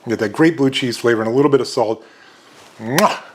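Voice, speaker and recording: A man's voice: mid-range voice, rapid-fire. A man in his fifties from the United States hosting a casual chip review vlog in an upbeat, chatty way. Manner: upbeat, chatty, lots of happy exclamations. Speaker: snack review host.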